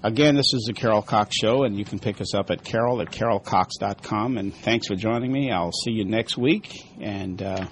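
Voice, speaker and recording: A man hosting a radio talk show, speaking in a halting way with many fillers and repeated phrases. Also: lowish voice, slight background noise. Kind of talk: casual radio interview.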